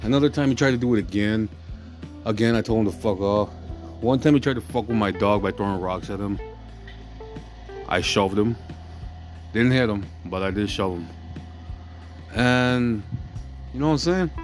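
A man hosting a podcast vents in an aggressive, swearing rant. He keeps filling his talk with "you know what I mean." His voice sits fairly low, with a little music faintly under it. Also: moderate pace, pauses often. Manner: filler-heavy, keeps asking "you know what I'm saying". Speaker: podcast host. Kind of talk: profane ranting monologue.

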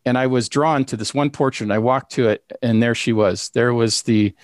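A man telling a personal story in a casual, halting way, with many fillers and restarts. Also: medium pitch, dry recording, studio quality. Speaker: storyteller recounting a ghost experience. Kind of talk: casual spoken anecdote.

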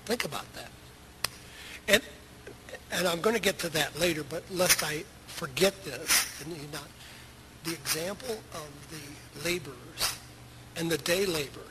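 A man's voice: fairly high pitch, measured pace, long pauses. A middle-aged man preaching a sermon as pastor of a church, talking conversationally and asking his listeners many questions. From United States. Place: church sanctuary. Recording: loud background noise.

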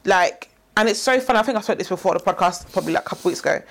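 Quick-interjecting woman. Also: medium pitch, gravelly. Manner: quick interjections, animated retelling. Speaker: podcast co-host. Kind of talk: casual chat.

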